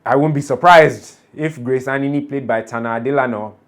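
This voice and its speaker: A man, talking through a show episode in a casual, animated way and often breaking into laughter. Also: mid-range voice, fairly quick. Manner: chatty, animated, laughs often while recapping. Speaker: TV show reaction vlogger. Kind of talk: casual episode recap and commentary.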